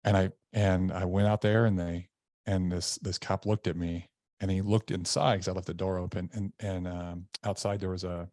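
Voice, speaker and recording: A man with a low, deep voice tells a personal story in an earnest, conversational way. The sound is dry and close, with no room around it. He recounts events candidly and in vivid detail, as a guest on a podcast. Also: level tone, moderate pace, darkish tone, no echo. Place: indoor room.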